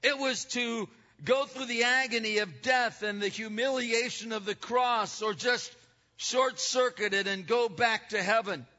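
An older male pastor delivers an emphatic sermon, his high, bright voice rising to loud declarations and falling to hushed asides. The recording is dull and lo-fi, with a long reverb trailing through a large church hall. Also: unhurried.

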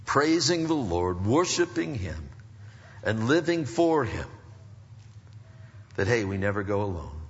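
A male pastor preaching a sermon, swinging from soft, low passages to loud, high, emphatic stretches. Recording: muffled recording in a reverberant hall.

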